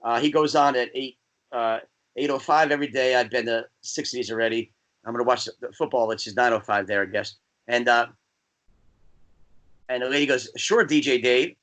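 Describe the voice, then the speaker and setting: Fast, bright-voiced man telling rambling stories. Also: mid-range voice. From New Jersey. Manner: rambling storyteller, animated. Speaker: guest DJ. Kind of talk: casual podcast chat.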